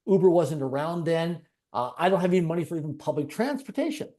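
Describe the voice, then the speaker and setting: Mellow-voiced man telling a confessional story. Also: a little high, animated, quick pace. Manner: earnest, confessional, repetitive phrasing. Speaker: interview guest. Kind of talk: personal storytelling in conversation.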